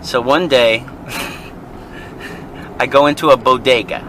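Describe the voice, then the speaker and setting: A man's voice: mid-range voice, steady tone, a little slow. A man co-hosting a vlog, chatting casually from a car in traffic, rambling through a story and laughing often. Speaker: vlog co-host. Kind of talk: casual chat while driving.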